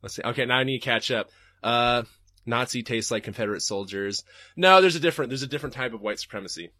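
A man's voice: mid-range voice, fast, sharp tone, dry recording, studio quality. A man hosting a podcast and reading live chat, talking casually and profanely and laughing often.

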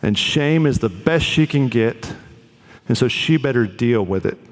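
A man's voice: medium pitch, animated, measured pace. Earnest preacher man in a reverberant hall. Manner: earnest, conversational preaching with fillers. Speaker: pastor. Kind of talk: sermon.

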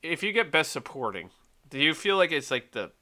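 A man's voice: on the high side, big pitch swings, a little fast, sharp tone. A man co-hosting a podcast, chatty and full of questions, often fumbling for the right word. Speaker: podcast co-host. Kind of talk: casual chat.

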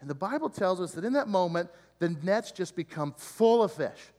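Pastor guy preaching, high voice, earnest, lots of repeating lists, long echo in the church hall. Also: expressive, normal speed, a little mellow. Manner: earnest and explanatory, with repetitive emphatic lists. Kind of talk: sermon.

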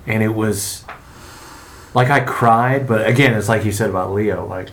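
Man, middle-aged, podcast host, lower pitch, reflective, halting. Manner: reflective, halting, soft-spoken pauses. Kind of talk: casual podcast chat.

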